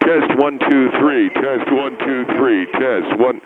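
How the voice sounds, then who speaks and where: A man's voice: medium pitch, takes it slowly, hardly any pauses. A man co-hosting a podcast, ranting in an exasperated, profane way. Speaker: podcast co-host. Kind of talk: casual comedic banter. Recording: tinny phone-like line with loud noise.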